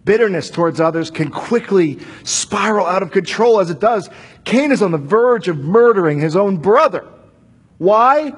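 A man's voice: high voice, slightly rough. A man preaching a sermon, talking casually and acting out quoted dialogue. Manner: acts out voices of God and Cain in quoted dialogue, casual phrasing.

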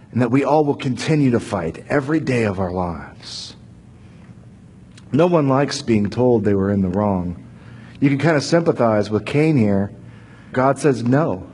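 A man delivers a sermon in a conversational way. His voice sits a little high and has a husky edge. He slips into quoted dialogue now and then. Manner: acts out voices of God and Cain in quoted dialogue, casual phrasing. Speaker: preacher.

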